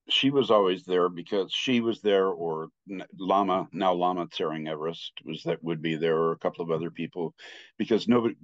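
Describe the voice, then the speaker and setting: A man in his sixties, a Buddhist teacher, telling a personal story in a halting way with many restarts. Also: sits low, dry recording. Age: 60s. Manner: halting, with frequent restarts and filler. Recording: slightly muffled dry recording.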